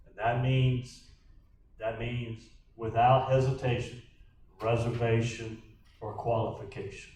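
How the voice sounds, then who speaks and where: A man's voice: mid-range voice, level tone, slow, a little mellow. A man leading a Bible study as pastor, repeating each question aloud before he answers it. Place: church meeting room. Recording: roomy echo from a distant mic.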